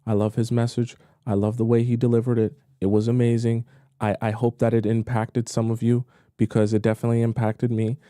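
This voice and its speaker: A man's voice: mid-range voice, monotone, a little fast, dark tone, no room sound, studio quality. A man working as a dating coach who reacts to clips in a casual, playful, teasing way. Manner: playful, chatty, teasing asides. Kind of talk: casual commentary.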